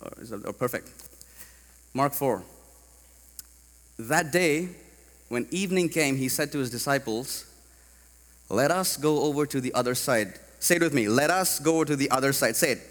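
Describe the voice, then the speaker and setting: A man from India preaching a sermon to a congregation, animated and rising to loud emphatic peaks. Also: medium pitch, moderate pace, long pauses, big-room sound. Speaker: pastor. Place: large church hall.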